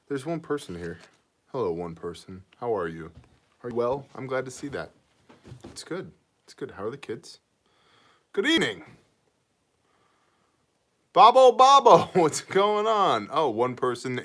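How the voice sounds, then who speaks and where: A man hosting a casual livestream, riffing on the chat and calling out viewers by name. His talk is loose and joking, and it turns eager when he asks for donations to a mission. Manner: energetic pitch for mission donations. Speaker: host of a prepper Q&A livestream.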